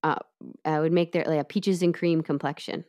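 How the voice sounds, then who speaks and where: Her voice is notably low and darkish, her tone steady and her pace brisk as she recounts a criminal trial stage by stage to her podcast co-host. The telling is relaxed and unscripted, full of chatty asides, in a casual true-crime style.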